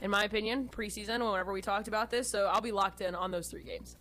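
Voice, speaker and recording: Woman, from Texas, radio co-host, chatty, animated, joking, sports talk. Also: medium pitch, rough recording. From Austin, Texas. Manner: chatty, animated, quick to joke.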